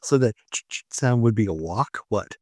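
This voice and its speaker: A man hosting a casual chat, asking quick teasing questions. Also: lowish voice, expressive, darkish tone, dry recording.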